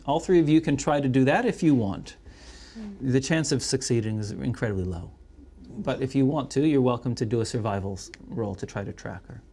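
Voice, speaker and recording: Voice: mid-range voice, mellow. A game master narrating a tabletop game in a playful, chatty way. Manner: playful, chatty, quickly laughing.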